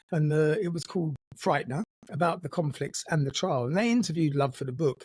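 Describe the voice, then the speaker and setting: A man's voice: on the high side, darkish tone, no room sound. A man co-hosting a podcast, telling a true story in a casual, dry, jokey way. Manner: dry, jokey, puts on gruff voices in quotes.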